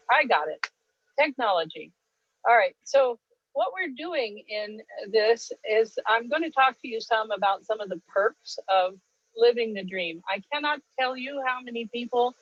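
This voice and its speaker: A woman's voice: medium pitch, dry recording. An older woman giving a webinar talk, telling personal stories with frequent fillers. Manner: warm storytelling, frequent fillers. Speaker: guest speaker. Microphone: video call. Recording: dull lo-fi video call audio.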